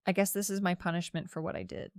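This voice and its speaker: Woman, scripted story narration, steady, reflective, low voice, dry sound. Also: fast talker, no room sound.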